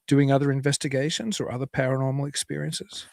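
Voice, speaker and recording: A man's voice: mid-range voice, steady tone, quick pace, vocal fry, darkish tone, no room sound. Dry, close-mic male host. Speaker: podcast host. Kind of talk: casual interview over a video call. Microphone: video call.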